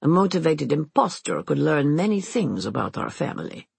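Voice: mid-range voice, very animated, normal speed, gravelly, slightly rough, no echo, full character voice. A storyteller voicing a cynical aristocratic man who speaks with a heavy Russian accent, clipped and coolly formal. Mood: cold.

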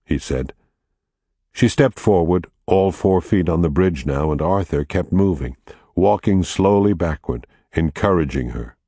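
Deep-voiced man reading a story. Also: husky, no room sound, studio quality. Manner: measured, steady, quietly dramatic. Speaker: narrator. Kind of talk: audiobook narration.

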